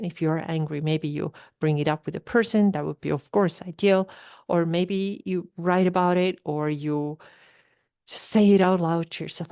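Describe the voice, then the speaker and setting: A woman's voice: fairly low pitch, warm tone, clean tone, no echo, clean studio sound. A woman hosting a podcast, coaching listeners and often tagging her points with "right?". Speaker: podcast host. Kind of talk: solo podcast talk.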